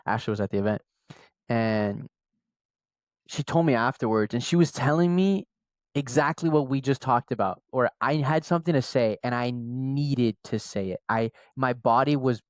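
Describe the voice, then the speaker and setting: A man co-hosting a podcast, telling a story in casual chat with an animated, slangy delivery. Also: mid-range voice, no room sound. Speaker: podcast co-host.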